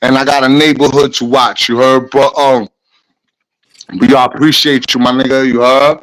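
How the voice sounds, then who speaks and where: A man on a call, signing off in relaxed street slang. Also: mid-range voice, poor audio. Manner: slow, easygoing slang. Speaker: caller on the stream. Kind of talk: casual chat.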